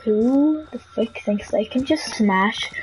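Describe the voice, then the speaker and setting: A woman's voice: a little high, slow pace, a little mellow, slight background noise, poor audio. A woman streaming a game live, chatting playfully and teasing other players as she plays. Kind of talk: live gameplay commentary. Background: game music.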